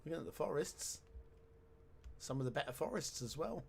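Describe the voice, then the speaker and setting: A man's voice: a little high, animated, moderate pace, creaky, a little hiss or hum. A man giving casual let's-play commentary, chatty and wry with sarcastic asides. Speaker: game commentator.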